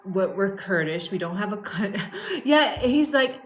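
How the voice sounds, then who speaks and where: A woman's voice: medium pitch, lively intonation, measured pace, slight background noise. Chatty giggly woman. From born in Canada, raised in the US. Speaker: wellness live streamer. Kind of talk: casual chat.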